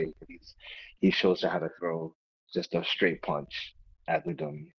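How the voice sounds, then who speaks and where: A man with a very deep, gravelly and husky voice describes his character's moves in a tabletop game, stopping and restarting often. His pitch swings widely, and the sound is dry and a bit dull. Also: very animated, moderate pace, no room sound. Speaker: player. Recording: dull muffled stream audio.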